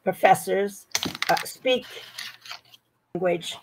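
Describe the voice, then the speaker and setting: A woman's voice: medium pitch, slow pace, background noise. A woman in her sixties from Virginia, with an American accent, chatting as an English tutor on a video call and often repeating words as she starts. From Virginia, United States. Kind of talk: casual conversation lesson.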